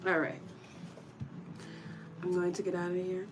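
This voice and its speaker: A woman with a somewhat low voice talks through a tarot reading in a relaxed, chatty way. She encourages her viewers warmly and calls them y'all. Faint music plays under her voice. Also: a little slow. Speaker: tarot reader.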